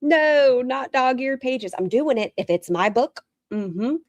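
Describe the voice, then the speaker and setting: Casting woman streamer, animated, swears freely, sings up and down, dry close sound. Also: high voice, unhurried, no echo. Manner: animated, profane, frequently breaks into laughter. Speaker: livestream host. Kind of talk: casual reaction stream.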